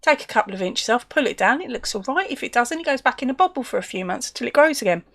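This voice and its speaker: A woman's voice: fairly high pitch, lively intonation, fast talker, gravelly, a bit bright, no room sound, studio quality. An English woman hosting a crochet live stream from home, chatting casually, laughing often and reading viewer comments aloud.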